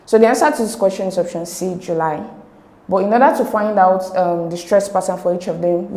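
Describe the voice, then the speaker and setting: Woman, exam tutor, methodical, lowish voice, roomy echo. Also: mellow. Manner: methodical, repeats key words, occasional "um". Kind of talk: recorded lesson explaining exam answers.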